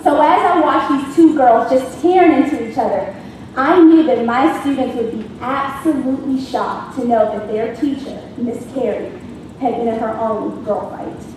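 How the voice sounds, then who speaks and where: A high-voiced young woman from Washington, D.C. tells a funny story on a conference stage, throwing in sound effects as she goes. She is heard from a distance, with the sound ringing around a large hall and a faint room hum behind her. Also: normal speed, a little mellow. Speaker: teacher. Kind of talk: humorous contest speech.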